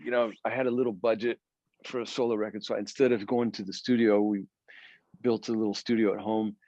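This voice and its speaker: A male guest guitarist on a video call, telling studio stories in a rambling, animated way. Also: on the low side, a little fast. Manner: rambling, animated storyteller who acts out quotes. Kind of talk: casual storytelling in an interview. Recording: dry, dull lo-fi call audio.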